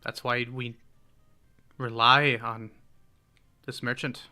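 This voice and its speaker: Anxious male farmer, as a man puts him on, bright forceful tone, slow pleading delivery, tabletop role-play. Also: mid-range voice, flat delivery, soft background music. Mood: despairing. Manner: pleading, worried questioning.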